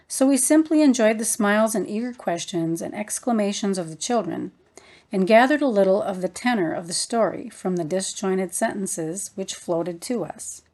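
A woman narrating a book in a measured, reverent reading voice. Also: medium pitch, darkish tone. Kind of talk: audiobook narration.

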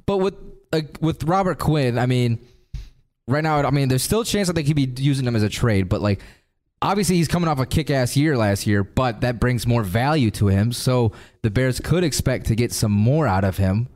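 A man hosts a casual sports podcast. He rambles and laughs at his slips, and his pitch rises and falls a lot. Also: animated, moderate pace, a little mellow. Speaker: podcast host.

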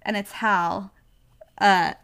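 A woman's voice: mid-range voice, fairly even intonation, extremely slow, gravelly, a bit bright, clear, resonant tone. A young woman with a mid-range voice co-hosts a casual podcast. She is giggly and eager, gushing about the lines she loves. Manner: giggly and enthusiastic. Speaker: podcast co-host. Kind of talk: casual chat.

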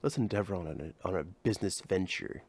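Man doing a smooth lover pitching business. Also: a little fast, a little mellow, no echo. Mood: mock-serious pitching. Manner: oddly formal, salesman-like.

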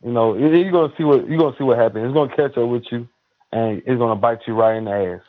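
A man in casual religious chat, preachy and emphatic, with drawn-out exhortations. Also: medium pitch. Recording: tinny phone-line sound.

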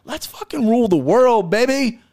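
A man's voice: very high voice, animated, normal speed, darkish tone. A man hosting his own podcast, talking through his betting picks in a brash, profane, hyped-up way. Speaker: podcast host giving fight betting picks. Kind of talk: casual solo podcast talk.

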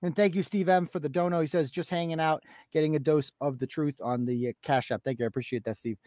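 A woman's voice: deep voice, fairly even intonation, fast talker, mellow, no room sound. A woman co-hosting a live talk show, giving heated, profane and mocking commentary. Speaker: co-host.

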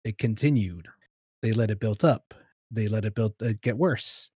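A man's voice: lowish voice, normal speed, mellow, slightly rough, no room sound. A man from California in casual chat over a video call, repeating himself and restarting often as he agrees.

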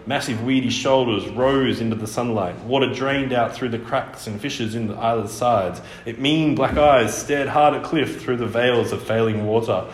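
A man reading a children's storybook aloud, expressive and lively with his delivery. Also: mid-range voice, moderate pace, hardly any pauses. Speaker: audiobook reader. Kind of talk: storybook narration. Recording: roomy echo, faint noise.

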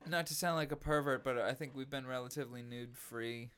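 A man's voice: medium pitch, steady tone, fast, a bit bright, clean tone. A man co-hosting a podcast in casual chat, rambling and breaking into laughter, with the hiccups. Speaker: podcast co-host.

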